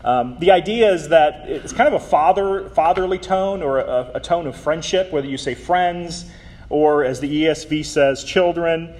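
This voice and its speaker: A man delivers a sermon in an easygoing, talky way, often pausing on "um" and restarting his phrases. His voice sits a little high for a man. Now and then he slips in a light, joking aside. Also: a little mellow. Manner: conversational, with filler ums and self-corrections. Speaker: preacher.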